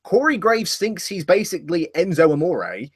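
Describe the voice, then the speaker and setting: A man's voice: high-pitched, very animated, moderate pace, slightly rough. A man co-hosting a casual wrestling podcast, talking in a rambling way and correcting himself as he goes. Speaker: podcast co-host.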